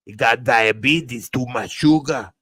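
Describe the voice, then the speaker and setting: A man's voice: medium pitch, a little slow, fairly bright tone, dry recording. A man doing a comic impression of an older crime boss who scorns his kids, rambling on in a boastful, contemptuous way. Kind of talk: comic character impression in a TV review.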